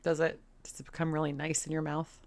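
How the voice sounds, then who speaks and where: A woman's voice: low-pitched, completely flat delivery, quick pace, noisy background. A woman hosting a reaction video, talking bluntly and sarcastically and swearing often. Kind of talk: casual commentary.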